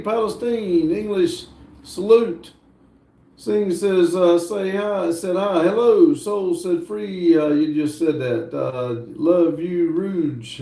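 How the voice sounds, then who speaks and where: A man hosts a casual livestream, slowly reading viewer comments aloud and answering them with plenty of fillers. His voice is a little high with a dark tone, and his delivery drawls. The room sounds echoey, with faint background noise.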